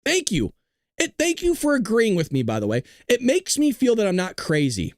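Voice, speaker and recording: A man's voice: high-pitched, wildly swooping pitch, normal speed, no echo. Guy ranting on his livestream, swears a lot, voice jumps all over, dry close mic. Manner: loud, ranting, profane, jokey. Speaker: livestream host. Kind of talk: profane live-stream rant and chat.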